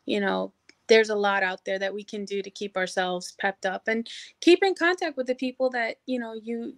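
A middle-aged woman speaking as a guest on an interview show, energetic and encouraging, with lots of "you know" fillers. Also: mid-range voice, moderate pace, no room sound. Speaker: podcast guest, hospitality professional. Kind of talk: casual interview chat.

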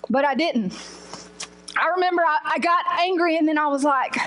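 A woman's voice: high-pitched, fairly even intonation, brisk, a bit bright. A young woman giving a sermon testimony, telling her story expressively and acting out the voices. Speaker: guest speaker giving testimony.

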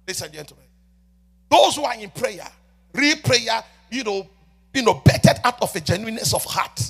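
High, gravelly preaching man, shouting. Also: animated, moderate pace. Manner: swings between shouting and soft murmured prayer; repeats "ladies and gentlemen" often. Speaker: prophet preaching. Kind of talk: sermon.

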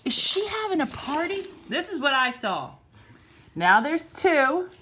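Exasperated mom ranting with wild pitch swings. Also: female voice, sing-song, unhurried, pushed and bright, slight background noise. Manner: exasperated, gasping, exclaiming. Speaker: comedian vlog host. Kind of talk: casual comic rant to camera. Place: bedroom at home, indoors.

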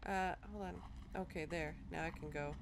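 A young woman casually commenting on a horror game, muttering to herself and breaking into loud panicked outbursts. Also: lowish voice, fairly even intonation, normal speed, vocal fry. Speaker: let's play host. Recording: noisy game audio behind the voice.

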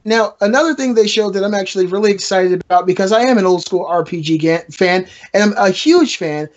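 Male podcast host, high-pitched, loose and joking, muffled lo-fi mic. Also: fairly quick. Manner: rambling, joking, trash-talking. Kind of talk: casual gaming podcast chat.

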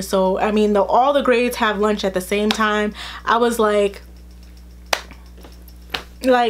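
A woman's voice: medium pitch, fairly even intonation, measured pace, pauses often. A young adult woman telling a casual storytime, chatty and full of "like", acting out the lines she quotes. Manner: chatty, fills speech with "like". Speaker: vlogger.

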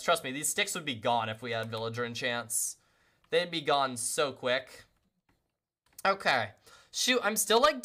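Animated, bright-voiced chatty game streamer. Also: mid-range voice. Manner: chatty, self-deprecating, talks to chat constantly; greets viewers with repeated welcomes. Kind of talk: casual live-stream chatter while gaming.

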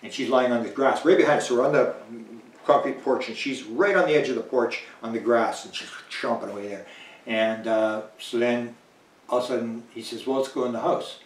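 During an interview, a male guest with a medium-pitched voice tells a long anecdote a little fast and in a lively way. He acts out the lines of people he quotes and chuckles now and then, recorded on a distant mic in a roomy space.

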